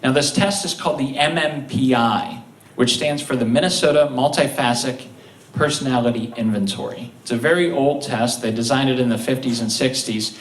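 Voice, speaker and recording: A man telling funny stories on stage at a live show, chuckling through them with halting restarts. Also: mid-range voice. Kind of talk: live comedic storytelling. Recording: roomy, distant live-stage mic.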